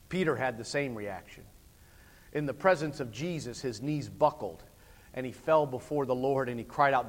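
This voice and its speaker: A man's voice: medium pitch, normal speed. Preacher man with a roomy hall echo. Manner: swings from hushed to shouting climaxes. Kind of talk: sermon. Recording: long hall reverb.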